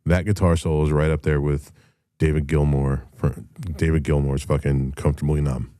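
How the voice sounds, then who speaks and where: Middle-aged man, very deep and dark voice, dry sound, blunt and profane solo talk. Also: flat delivery, normal speed, no echo. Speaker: show host and rock musician. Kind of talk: casual solo monologue.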